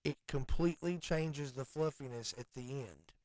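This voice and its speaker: A man's voice: medium pitch, normal speed, no echo, low-quality recording. A man co-hosting a radio show, chatting casually and pressing his points with earnest emphasis. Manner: earnest, emphatic, gets loud when passionate.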